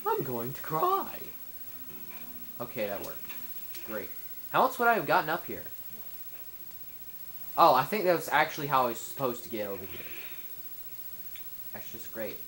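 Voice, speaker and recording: Bright-voiced young man, goofy game commentary. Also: mid-range voice, rough recording. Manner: goofy, rambling, stammers, yells at enemies. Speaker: let's play gamer. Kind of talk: casual gameplay commentary.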